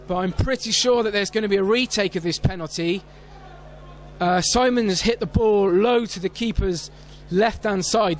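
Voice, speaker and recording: A man commentating on a football match for club radio, filling gaps with "uh" and climbing high at penalties and saves. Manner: reads team sheets with many fillers, rises sharply at big moments. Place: outdoor football stadium.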